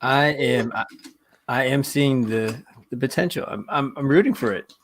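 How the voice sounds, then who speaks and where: A man in a casual group chat, enthusiastic and halting, with frequent restarts. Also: medium pitch. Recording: noisy line with clicks.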